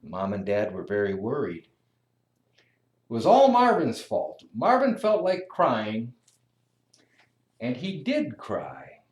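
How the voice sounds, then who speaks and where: A storyteller reading a children's picture book aloud in a slow, expressive, sing-song way. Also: medium pitch. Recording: echoey room.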